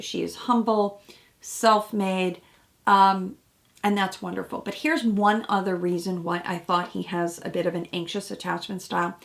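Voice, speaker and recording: Female therapist-commentator, mid-range pitch, some vocal fry, chatty and reflective. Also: a bit bright. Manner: chatty and reflective, acts out quotes from the show. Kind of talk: casual commentary on a TV episode.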